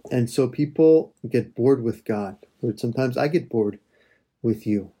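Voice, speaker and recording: A man leading a slow, reflective spoken prayer meditation, addressing God and his listeners with soft pauses. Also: mid-range voice, breathy edge.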